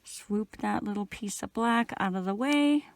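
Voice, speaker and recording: A middle-aged woman from Canada giving a relaxed, chatty step-by-step crochet tutorial while she works. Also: medium pitch, measured pace, a little hiss or hum. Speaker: crochet instructor.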